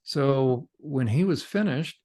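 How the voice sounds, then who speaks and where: A middle-aged man, a counselor and podcast guest, telling a story in conversation, animated and gesturing with his hands as he talks. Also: mid-range voice, slow.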